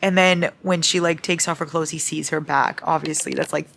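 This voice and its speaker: Bright-voiced young woman gushing about books. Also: low-pitched, moderate pace, creaky, slight background noise. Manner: gushing, excitable, swears freely. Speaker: book vlogger. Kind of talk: casual chat. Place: at home, cozied up in a blanket.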